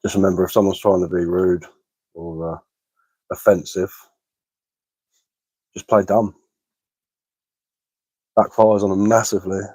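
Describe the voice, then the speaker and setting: A relaxed Englishman talks easygoing live-stream chat while he works with his hands, answering viewers as he goes. His voice sits fairly low, and the recording is close and dry with no room sound. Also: a little slow, pauses often, no room sound, rough recording. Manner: laid-back, answers chat messages aloud.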